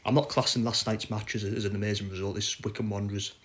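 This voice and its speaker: A man's voice: fairly low pitch, level tone, rapid-fire. Frustrated man ranting. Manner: frustrated, blunt, swears. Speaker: football fan podcaster. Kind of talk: casual ranting chat.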